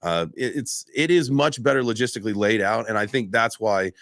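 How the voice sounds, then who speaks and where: A man's voice: on the low side, fairly quick, gravelly, fairly bright tone, dry recording, studio quality. Rambling male podcast host. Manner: rambling, apologizes for tangents, swears casually. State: out of breath. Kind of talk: casual podcast chat.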